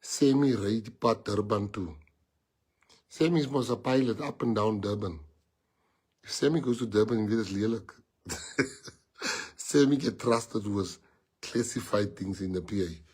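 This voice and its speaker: A man with a South African accent, speaking as party leader, rallies his party's members, emphatically repeating phrases and mixing in bits of Afrikaans. His voice is lowish, a little mellow and slightly rough, and he talks a little slowly with long pauses.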